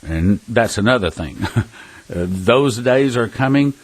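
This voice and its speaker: Earnest male preacher, mid-pitched husky voice, emphatic storytelling delivery. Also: lively intonation, unhurried, rough recording. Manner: earnest, emphatic, with scattered restarts and chuckles; addresses listeners as brothers and sisters. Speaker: prophecy ministry speaker. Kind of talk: preaching talk with personal storytelling.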